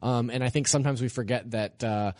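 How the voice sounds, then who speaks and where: Fast-talking male podcast co-host. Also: mid-range voice, a little mellow, no echo. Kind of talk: casual panel chat.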